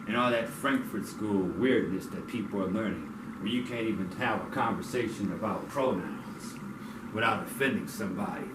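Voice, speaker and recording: A man giving a blunt, profane community talk that swings into loud, angry outbursts. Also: lowish voice, moderate pace. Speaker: community speaker. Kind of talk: impassioned street talk. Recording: echoey, distant mic with noise.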